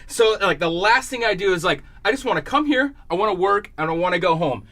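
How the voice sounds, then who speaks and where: A man's voice: high voice, expressive, a little fast, bright, forceful tone. A young adult man on a podcast, telling a story in casual chat. He swears freely and acts out the other people's lines as he goes. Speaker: podcast co-host.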